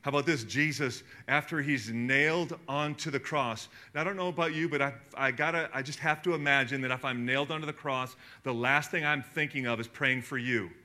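Talking fairly quickly with few pauses, this middle-aged pastor keeps his mid-range voice moving through the sermon. He's animated and conversational, breaking from scripture readings for asides.

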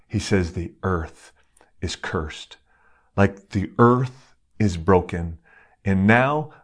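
A male pastor preaching a sermon in a conversational, emphatic way, with frequent restarts and fillers. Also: on the low side.

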